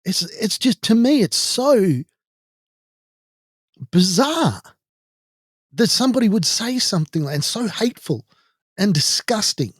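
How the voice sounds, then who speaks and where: Irish male podcast host, somewhat high voice, dry close sound, indignant storyteller. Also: very animated, measured pace, long pauses, breathy edge, dry recording. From Ireland. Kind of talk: personal monologue.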